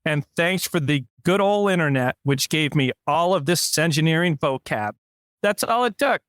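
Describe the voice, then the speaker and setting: A man co-hosting a podcast in loose, teasing banter, with a slightly high voice for a man. His voice is recorded close and dry. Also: lively intonation, normal speed, a bit bright, dry recording. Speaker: podcast co-host. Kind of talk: joking casual chat.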